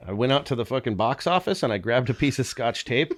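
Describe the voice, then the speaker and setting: Animated, lively-voiced man telling crude stories. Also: medium pitch, fast, background noise. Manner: animated, profane, laughing through anecdotes. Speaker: podcast guest, band member. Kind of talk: casual storytelling.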